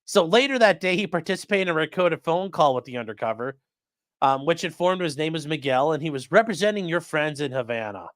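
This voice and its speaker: Animated, profane man hosting a show. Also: on the high side, brisk, dry recording, studio quality. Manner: profane, animated, acts out quoted lines. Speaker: host. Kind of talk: casual commentary on news.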